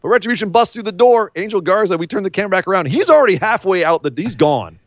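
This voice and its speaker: A man co-hosting a casual wrestling recap chat, animated and acting out scenes in silly voices. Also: high-pitched, fast talker, no room sound, dull audio. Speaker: podcast co-host.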